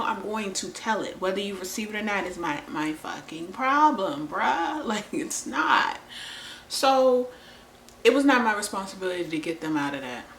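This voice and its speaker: A woman's voice: mid-range voice, slight background noise. A woman vlogger talking candidly to camera, blunt and profane, laughing often. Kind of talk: candid relationship talk to camera. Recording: roomy echo.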